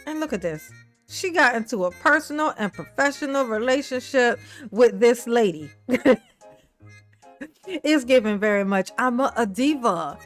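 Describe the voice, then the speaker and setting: Woman, higher register, sassy reaction commentator: mocking, profane, quick to laugh. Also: animated, faint music behind. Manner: sassy and mocking, laughs often, swears freely; breaks into exaggerated mimicking voices. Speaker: commentator reacting to a news clip.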